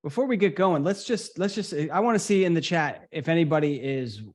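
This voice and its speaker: A man's voice: a little high, animated, a little fast, darkish tone. A man hosting a live webinar, reading audience comments from the chat in an upbeat, loose way and repeating words as he goes.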